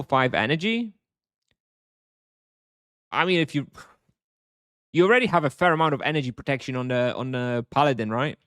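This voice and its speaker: Man, live game streamer, easygoing chat with viewers, mid-pitched voice, dry close sound. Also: no room sound. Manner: relaxed, thinks aloud with fillers and restarts, chuckles often. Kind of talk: casual live-stream chat, answering chat questions.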